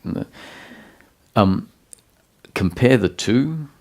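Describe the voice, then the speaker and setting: A spiritual teacher with a deep, gravelly voice gives a satsang talk. He explains ideas slowly and calmly, often pausing and restarting as he hunts for the right words.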